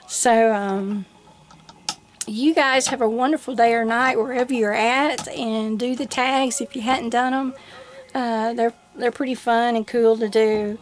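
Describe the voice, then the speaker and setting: A woman's voice: fairly high pitch, steady tone, slow. A woman with a Southern US accent chatting casually through an accent tag video, giggling often. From Southern United States. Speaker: vlogger.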